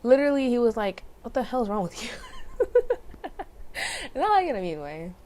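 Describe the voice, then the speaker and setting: A woman's voice: on the high side, huge pitch swings, moderate pace, darkish tone, a little hiss or hum. Rambling young woman vlogger. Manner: rambling, filler-heavy, frequent self-corrections and laughs. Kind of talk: casual personal storytelling.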